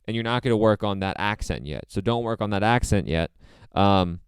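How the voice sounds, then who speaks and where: A man teaching drums, explaining a practice method step by step in a relaxed way, with many fillers. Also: on the low side, a little fast, smooth, no room sound. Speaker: drum teacher. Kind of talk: casual instructional talk.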